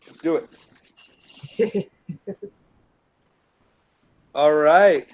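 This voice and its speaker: A man's voice: a little high, expressive, extremely slow, pauses often, breathy edge, no echo. A man co-hosting a stream, joking around in casual chat. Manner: joking, laughing often. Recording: dull lo-fi audio.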